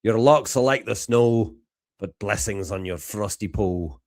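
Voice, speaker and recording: Male performer doing a put-on Scottish poem recital, low and slow, half-joking. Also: a little mellow, no room sound, clean studio sound, lightly acted. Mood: reciting. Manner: mock-solemn recitation, wobbling accent. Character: man reciting an old Scots poem.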